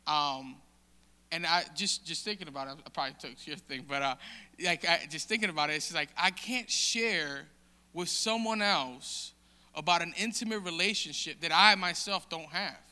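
A man giving a casual, halting testimony in a sermon, with many restarts and fillers. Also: a little high, bright, forceful tone, clean tone. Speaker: church member sharing testimony. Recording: long hall reverb.

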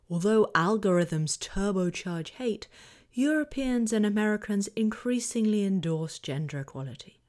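A woman hosting a podcast, reading a prepared essay in a measured, analytical way, often dropping to a near-whisper at the ends of phrases. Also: medium pitch, darkish tone. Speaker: podcast host.

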